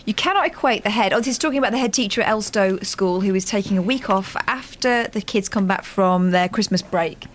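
A woman's voice: medium pitch, fairly quick, hardly any pauses. A woman co-hosting a radio show from England, chatting and reading out listener emails. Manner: chatty, reads out listener messages. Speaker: radio co-host. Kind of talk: casual radio banter.

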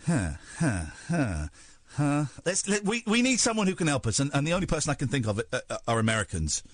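A man's voice: a little high, big pitch swings, very fast, no echo, clean studio sound. A British man hosting late-night talk radio, playful and teasing, with a mock-serious manner. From Britain. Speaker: radio host. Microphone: studio microphone.

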